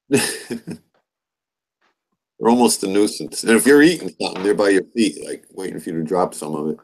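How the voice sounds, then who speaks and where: Joking American man, fairly low voice. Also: animated, normal speed, gravelly, darkish tone. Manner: laughs often, loose and joking. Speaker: live stream host. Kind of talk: casual live stream chat.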